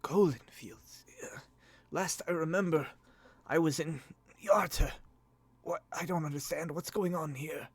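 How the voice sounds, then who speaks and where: A man voicing a weak, confused young nobleman in a tabletop game, his voice cracked and broken as he pleads haltingly. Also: fairly high pitch, creaky, fairly bright tone, husky, voice pushed up, full character voice. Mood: bewildered. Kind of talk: tabletop role-play.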